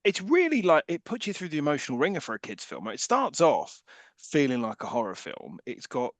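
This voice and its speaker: A man's voice: a little high, sing-song, a little fast, dry recording. A man co-hosting a podcast, giving blunt opinions on films and swearing casually. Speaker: podcast co-host. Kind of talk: casual film discussion.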